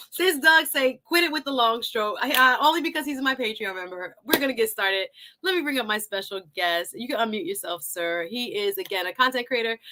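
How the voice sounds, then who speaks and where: A woman's voice: fairly high pitch, pushed and bright. A woman hosting a live talk stream, chatting, laughing often and reading out viewer comments.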